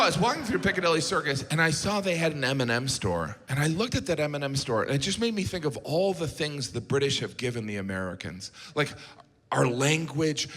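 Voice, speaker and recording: A man's voice: a little high, fairly bright tone, a little hiss or hum. A male stand-up comedian on a theater stage, with incredulous, mock-indignant delivery into a handheld mic. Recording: reverberant theater with crowd laughter.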